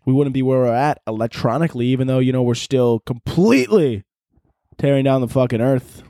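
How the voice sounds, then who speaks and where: A man's voice: mid-range voice, no room sound, studio quality. A young man hosting a casual podcast, ranting in a profane, rambling way and acting out imagined conversations. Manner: profane, animated, rambling, acts out imagined dialogue. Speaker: podcast host. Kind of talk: casual comedic podcast rant.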